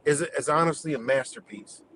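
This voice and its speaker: A man's voice: a little high, fairly quick, fairly bright tone, a little hiss or hum, rough recording. A man ranting on a live stream in a rambling, profane, heated way, talking to his chat viewers.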